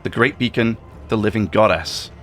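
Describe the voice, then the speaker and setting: A man's voice: on the low side, normal speed, fairly bright tone, soft background music, close to an everyday voice. A man reading a grandiose self-styled goddess. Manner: reads game dialogue aloud in a plain tone. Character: grandiose female ruler demanding worship as a goddess.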